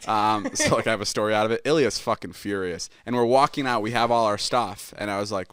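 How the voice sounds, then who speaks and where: A man's voice: on the low side, brisk, few pauses, a bit bright, smooth, no room sound, studio quality. A man in his twenties hosting a podcast, telling a story casually with lots of swearing and fillers. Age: 20s. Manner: rambling, heavy swearing, many fillers. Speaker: podcast host.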